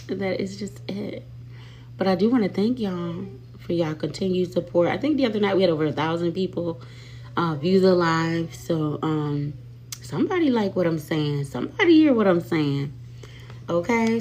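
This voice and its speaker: A woman's voice: lowish voice, darkish tone, slight background noise. A woman hosting a casual livestream, chatty and sassy, who often calls her viewers y'all and honey. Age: adult with children. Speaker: livestream host. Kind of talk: casual live-stream chat.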